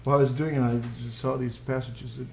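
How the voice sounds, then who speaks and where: A man's voice: medium pitch, level tone, fast, gravelly, darkish tone, a little hiss or hum. A man giving a live poetry reading with playful, rambling asides, chuckling between lines. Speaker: poet. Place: college social room with audience. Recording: echoey live room recording.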